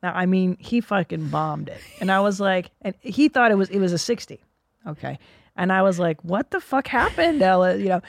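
A middle-aged woman hosting a podcast, telling stories in a brash, profane, animated way. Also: fairly low pitch, a little fast, vocal fry, no echo, clean studio sound. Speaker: podcast host. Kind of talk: casual comedic chat.

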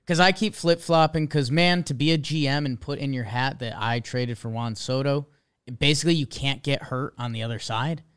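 Young male sports-show host, clear smooth voice, chatty and excitable. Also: medium pitch, moderate pace. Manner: excitable, rambling, jokey. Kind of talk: casual sports chat.

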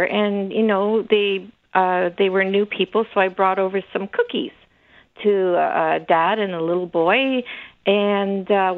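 A woman from western Canada calls in to a radio show and describes events next door in a plain, conversational way. Her voice comes through a tinny, narrow phone line at an ordinary pitch. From Richmond, British Columbia, Canada. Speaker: guest on the phone. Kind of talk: telling her story.

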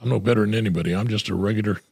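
A man's voice: on the low side, very fast, creaky, a little mellow, slightly rough. An older man, a retired homicide detective telling blunt, profane war stories in an interview. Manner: blunt, profane, acts out quoted voices. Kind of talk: storytelling in a podcast interview.

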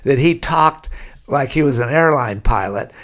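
An older man from California is a guest on a storytelling interview, spinning long, rambling anecdotes and chuckling as he goes. His medium-pitched voice is animated, fairly bright, and a little slow.

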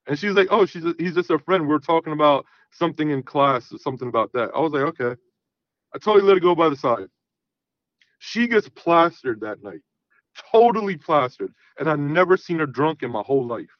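A man's voice: fairly high pitch, brisk, no echo, lo-fi sound. A man in his thirties calling in to a talk show, telling a profane story casually and acting out the dialogue. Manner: animated, profane, acts out quoted dialogue. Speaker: caller.

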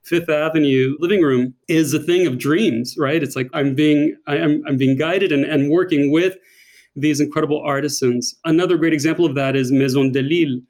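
Guest: American man, slightly high voice, effusive, restarts his sentences. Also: a little mellow. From United States. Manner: enthusiastic, effusive, repeats words while searching. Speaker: guest, author and designer. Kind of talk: interview conversation.

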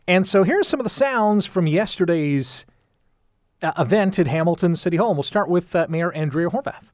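A man reporting local news in an easygoing, conversational manner, full of small pauses and "uh"s. His voice sits a bit higher than most, and the close mic makes it sound very dry. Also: animated, darkish tone, dry recording. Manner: conversational, with many "uh" fillers.

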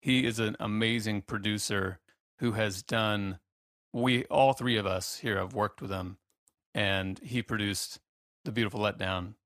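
A man co-hosting a podcast, talking in an easy, unhurried way that drifts mid-thought. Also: fairly low pitch, steady tone, fairly bright tone, no echo, clean studio sound. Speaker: podcast co-host. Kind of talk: casual chat.

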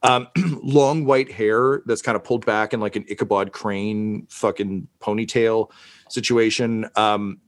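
A man's voice: on the low side, fairly even intonation, unhurried. A man narrating as game master in a rambling, profane, casual way.

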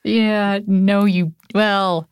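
A woman hosting a casual interview, friendly and quick to laugh along. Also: mid-range voice, steady tone, smooth, no room sound. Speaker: podcast host.

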